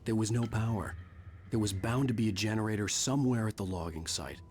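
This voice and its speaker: An actor voicing a haunted male writer who narrates his ordeal in a measured, brooding way, from a game. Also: lowish voice, a little mellow, slight background noise, close to an everyday voice. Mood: grim.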